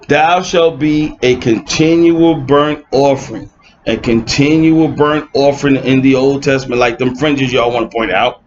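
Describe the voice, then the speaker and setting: A man's voice: medium pitch, a little hiss or hum. A man giving informal online Bible teaching, reading verses aloud and breaking off into sarcastic, mocking asides. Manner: reads verses aloud, then mocks opponents with sarcastic asides. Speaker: scripture teacher. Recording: dull lo-fi recording.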